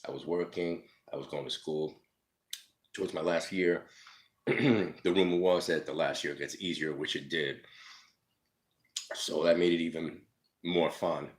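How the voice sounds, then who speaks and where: A man's voice: rumbling low, steady tone, unhurried, long pauses. A man telling his life story casually, profane and rambling, full of fillers, acting out the people in his stories.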